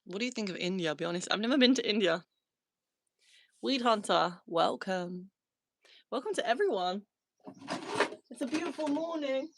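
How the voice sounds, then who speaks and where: Broadcasting from a small converted shed, this livestream host in her thirties reads out viewer comments, laughs a lot and keeps things casual. She speaks at a normal speed with a fairly high, animated voice and long pauses.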